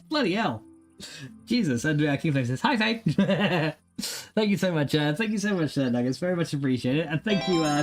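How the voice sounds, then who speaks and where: A man hosts a live game stream, chatting with viewers and breaking into laughter constantly. His voice swings widely in pitch as he gets excited and swears freely. A soft bed of music plays underneath. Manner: excitable, laughs often, swears, thanks chat. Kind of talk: live stream chat while gaming.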